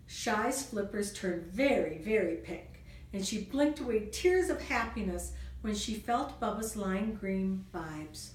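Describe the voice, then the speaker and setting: A woman reading a children's storybook aloud in a gentle, expressive storytelling manner. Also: medium pitch, slow pace, hardly any pauses. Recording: roomy room, distant mic, faint noise.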